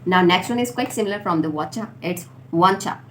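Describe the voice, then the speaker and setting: A woman teaching informal contractions, repeating each word slowly for learners. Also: on the low side. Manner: slow, deliberate drilling of words. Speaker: English teacher. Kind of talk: spoken English lesson for learners. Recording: faint background noise.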